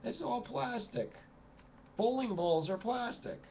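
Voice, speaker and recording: Fired-up male vlogger, exclamatory outbursts and low muttering, dull home recording. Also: lively intonation, takes it slowly, creaky, a little hiss or hum. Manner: agitated, exclamatory, swings between loud outbursts and low mutters. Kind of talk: impassioned ranting monologue. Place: home room at a computer desk.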